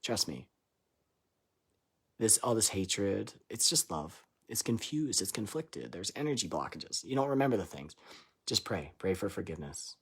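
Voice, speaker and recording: Husky, low-pitched man; live spiritual channeler, irreverent and laughing, booming lines and muttered asides. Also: sing-song, normal speed. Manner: loose and irreverent, swearing and laughing between lines; swings between loud declarations and quiet asides.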